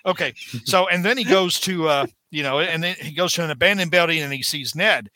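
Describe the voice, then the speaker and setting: A man's voice: fairly high pitch, a little fast, sharp tone, no echo. A man co-hosting a casual show on a video call, rambling through a comic plot with lots of fillers and restarts. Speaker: podcast co-host retelling a comic. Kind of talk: casual chat. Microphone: webcam.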